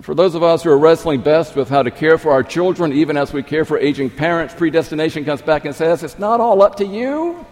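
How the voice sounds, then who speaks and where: A man's voice: a little high, fairly even intonation, quick pace, few pauses. Emphatic male preacher in a reverberant hall. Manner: emphatic, repeats key phrases, swings loud and soft. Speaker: pastor. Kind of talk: sermon. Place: church sanctuary. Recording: long reverb of a large hall.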